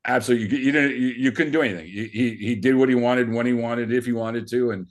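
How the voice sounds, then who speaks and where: A middle-aged former hockey player, appearing as a podcast guest, tells stories in a casual, rambling way full of restarts and fillers. His mid-range voice moves quickly with fairly even intonation.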